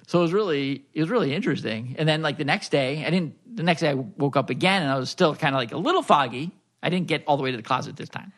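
A man's voice: a little high, fast. A middle-aged man co-hosting a podcast in casual chat, telling stories with lots of playful voices, recorded on a microphone at home. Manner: animated storyteller, jumps into playful voices. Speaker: podcast co-host. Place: home dining room. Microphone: studio microphone.

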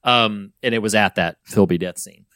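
A podcast co-host with a lowish, fairly bright, clear and resonant voice chats casually about a horror film at normal speed, full of fillers and restarts. The studio-quality recording has no room sound.

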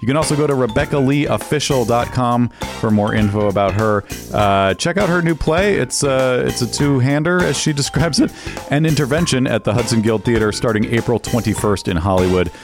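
A man's voice: mid-range voice, a little fast, over music. A man co-hosting a casual podcast, bantering and teasing. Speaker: podcast co-host. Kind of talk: casual chat.

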